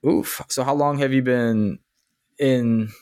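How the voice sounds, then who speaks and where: A man's voice: mid-range voice, steady tone, slow, darkish tone, clear, resonant tone, no echo, studio quality. A man hosting a podcast interview, throwing in short reactions and laughing often. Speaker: podcast host. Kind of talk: casual interview chat.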